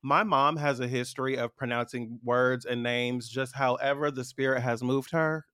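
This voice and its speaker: A man's voice: medium pitch, normal speed, clear, resonant tone, no room sound, clean studio sound. A man who co-wrote a book, talking casually as a podcast guest and animatedly acting out phrases he has heard. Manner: animated storyteller, acts out quoted phrases. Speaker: co-author guest.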